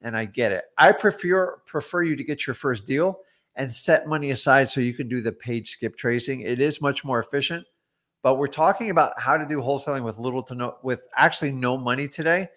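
A man's voice: medium pitch, a bit bright. A middle-aged man, a real estate investor, teaching wholesaling in a casual livestream, blunt and chatty with frequent ums and asides.

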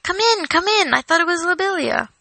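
Excitable young hobbit man for a storybook reading, high and bright, eager, played by a woman. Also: normal speed, no echo, poor audio. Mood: earnest. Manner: eager, rising exclamations.

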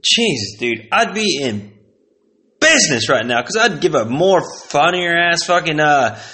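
A man's voice: fairly high pitch, lively intonation, unhurried, sharp tone. Exasperated, swearing man ranting. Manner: profane, exasperated, rambling. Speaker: vlogger. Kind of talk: casual ranting monologue.

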